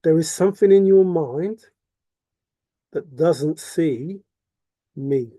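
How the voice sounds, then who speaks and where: Man, fairly high-pitched but very dark tone, dry close sound, insistent repetitive monologue. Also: slow pace, dry recording. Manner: repetitive, insistent, rhetorical questions. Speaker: vlogger. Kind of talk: impassioned monologue to camera.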